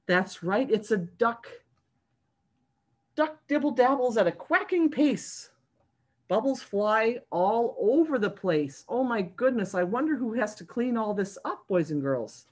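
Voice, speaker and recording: Over a video call, a children's librarian reads a picture book aloud to little kids in a sing-song, animated way, pausing to ask them questions. Her voice is slightly high, and she takes her time.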